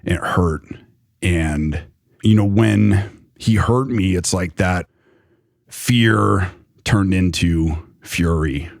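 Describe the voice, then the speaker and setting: A young man speaks slowly in a low voice with vocal fry, recounting a story from his own past. The telling is loose and rambling, heavy on fillers, and the studio sound is clean with no room noise.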